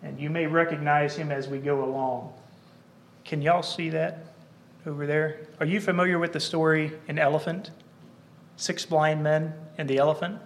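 A man preaching a sermon, telling an illustration and reciting a poem in a measured storytelling way. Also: fairly high pitch, level tone, roomy sound.

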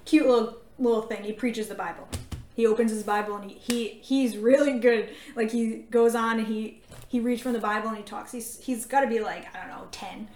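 A woman co-hosting a faith podcast, telling a story in an animated, casual way with lots of fillers. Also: on the high side, a little fast, slight background noise. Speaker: podcast co-host. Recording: echoey room.

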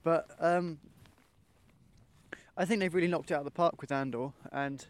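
A man's voice: a little high, normal speed. A young man co-hosting a podcast in easygoing, agreeable chat, steering the talk onward. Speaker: podcast co-host. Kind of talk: casual chat.

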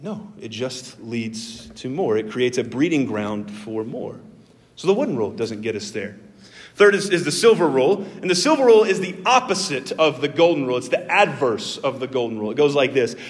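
Animated preaching pastor in a reverberant hall. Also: male voice, normal speed. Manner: earnest, animated preaching with emphatic pitch jumps. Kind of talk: sermon.

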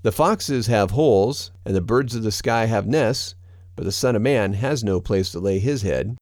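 A man voicing a calm, authoritative teacher, speaking in a measured and solemn way. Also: lowish voice, no echo, studio quality, lightly acted.

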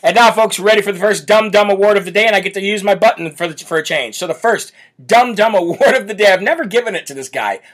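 A man with a fairly high voice hosts a live political commentary show. He talks in a brash, mocking way and stops to read out viewers' chat comments. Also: fast talker, hardly any pauses, fairly bright tone. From United States. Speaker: political talk show host.

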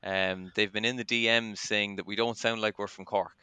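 Bright, clear-voiced Irish man hosting. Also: lowish voice, little pitch movement, normal speed, no room sound. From Ireland. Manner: chatty and self-deprecating, lots of ums. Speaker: podcast host. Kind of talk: casual podcast chat.

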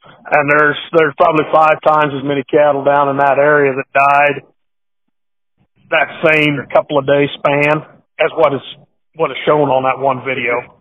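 Folksy rancher over a phone line. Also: male voice, on the high side, flat delivery, normal speed. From Nebraska, USA. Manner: folksy, rambling, repeats his words. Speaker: cattle breeder, podcast guest. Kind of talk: casual phone interview and joke telling.

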